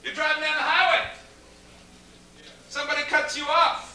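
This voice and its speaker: A man doing a comic stage act with showman patter and deadpan setups. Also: very high voice, moderate pace, a little hiss or hum. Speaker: novelty bubble performer. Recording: echoey room mic from far off.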